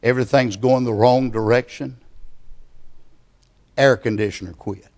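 Slow, emphatic preacher man. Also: medium pitch, fairly even intonation. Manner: slow, emphatic, building to loud passion. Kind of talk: sermon.

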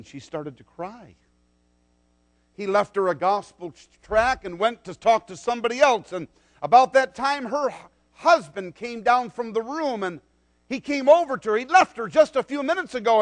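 A man preaching a sermon, dramatic and swinging between loud declarations and soft, low asides.

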